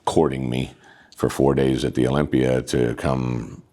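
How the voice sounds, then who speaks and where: A man's voice: a bass voice, level tone, measured pace, warm tone. A man being interviewed in a studio, telling long anecdotes and acting out the dialogue of the people in them. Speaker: guest. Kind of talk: casual storytelling interview. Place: podcast studio.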